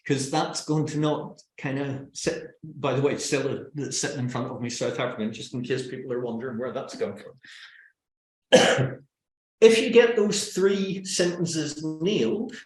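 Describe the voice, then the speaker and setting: A man's voice: mid-range voice, moderate pace. Northern Irish man, joking presenter, roomy sound. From Northern Ireland. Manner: lively and joking, with self-mocking anecdotes. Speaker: webinar presenter. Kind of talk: presenting a public speaking workshop. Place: indoors, on a video call. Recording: roomy echo.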